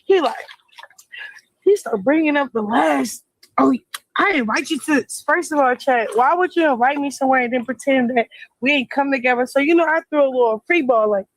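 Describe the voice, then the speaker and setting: A woman's voice: high-pitched, animated, fairly quick, dry recording, low-quality recording. A woman talking casually on a livestream, rambling and emphatic, often repeating herself. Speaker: interviewee in a played clip.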